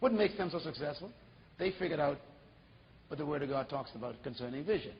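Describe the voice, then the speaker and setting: A man preaching an animated sermon as pastor, full of rhetorical questions. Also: fairly high pitch, brisk, big-room sound, highs cut off, slight background noise.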